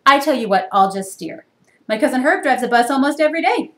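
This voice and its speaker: A woman's voice: high-pitched, lively intonation, a little fast, pitched above the performer's own voice. A woman doing a whiny, pushy cartoon pigeon. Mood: pleading. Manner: whiny, begging, bursts into loud squawks. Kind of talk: picture book read-aloud. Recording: echoey room.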